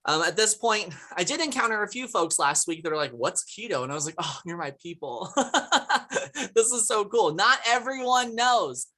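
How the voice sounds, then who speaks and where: A woman's voice: medium pitch, lively intonation, moderate pace, sharp tone. A woman hosting a live product presentation on a video call, chatty and laughing often, greeting viewers from the chat by name. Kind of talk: upbeat live presentation with chat shout-outs. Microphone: computer mic on a video call.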